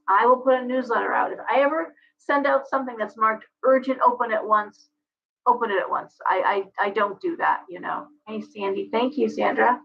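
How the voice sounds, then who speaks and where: A woman hosting a live tarot reading, chatty and meandering with many asides, her voice going hoarse. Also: fairly high pitch, highs cut off. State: losing her voice.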